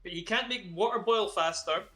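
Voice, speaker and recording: A man's voice: sits high, moderate pace, pushed and bright, faint music behind. A man running a tabletop game as game master, narrating in a loose, rambling way.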